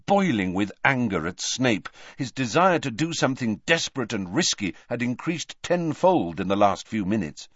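A man narrating a fantasy novel as an audiobook in an expressive, dramatic storytelling manner, recorded dry and slightly muffled. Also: medium pitch, moderate pace, few pauses, no room sound. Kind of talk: scripted narration.

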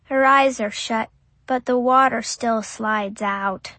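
A woman's voice: a little high, steady tone, slow pace, sharp tone, no room sound, heavily acted. A woman voicing a curious, innocent five-year-old boy who narrates in a childlike, literal way. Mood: wondering. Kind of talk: audiobook narration.

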